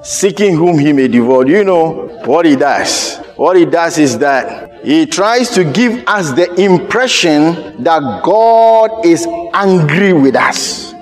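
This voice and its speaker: A man preaching a sermon, shifting between rapid asides, sudden shouts and slow, drawn-out emphasis on key words. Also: on the high side.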